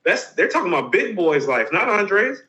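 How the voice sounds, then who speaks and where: A man's voice: high voice, very animated, moderate pace, a loud crowd, poor audio. A man co-hosting a casual debate on a live stream, emphatic and insistent as he argues his point.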